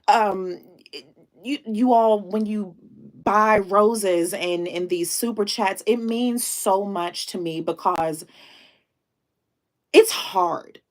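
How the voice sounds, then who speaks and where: Slow-talking, emotional live-stream host woman. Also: medium pitch. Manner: emotional, on the edge of tears; sprinkles French greetings. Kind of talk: casual live-stream chat.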